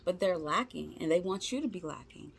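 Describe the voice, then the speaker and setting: A woman with a lowish voice gives a casual tarot reading. She talks to her viewers as "y'all" in chatty, informal slang, reassuring and encouraging them. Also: lively intonation, brisk, creaky, slight background noise. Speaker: tarot reader.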